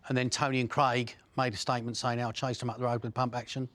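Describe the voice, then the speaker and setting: A man's voice: medium pitch, level tone, quick pace, fairly bright tone, dry recording. A middle-aged man with an Essex accent, bluntly recounting crime stories, swearing and restarting often. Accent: Essex English. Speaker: interviewee.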